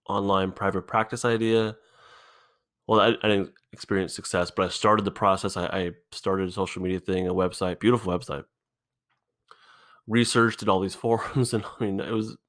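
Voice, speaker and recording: A man hosting a solo podcast, thinking out loud in a halting, rambling way, swearing often, recorded in an indoor room. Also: low-pitched. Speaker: podcast host.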